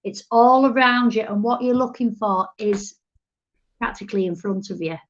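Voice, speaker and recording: A woman's voice: medium pitch, moderate pace, dull audio, a little hiss or hum. A woman co-hosting a live psychic show, confidently passing on messages she says come from spirits. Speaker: medium and co-host.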